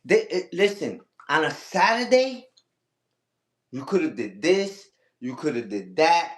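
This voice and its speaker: High-voiced man ranting on a livestream. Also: very animated, a little slow, echoey room. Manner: repeats catchphrases, talks back to critics. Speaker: livestream host. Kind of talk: casual livestream rant.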